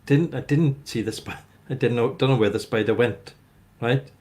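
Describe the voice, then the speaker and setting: A man's voice: medium pitch, moderate pace, a little mellow. A man hosting a livestream, telling a rambling story to his chat and tagging "right?" onto his sentences. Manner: rambling anecdote, keeps adding "right?". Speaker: livestream host. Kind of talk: ranting storytelling to live chat.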